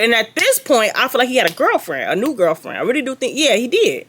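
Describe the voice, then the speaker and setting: A young adult woman vlogging a story in casual chat, animated and gossipy with sarcastic asides. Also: a little high, quick pace, hardly any pauses, a little hiss or hum.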